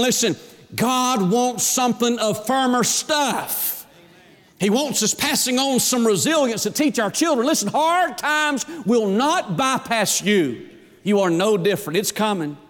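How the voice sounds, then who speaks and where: A man preaching a sermon as a pastor, with an emphatic delivery that rises and falls. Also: sits high. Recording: long hall reverb.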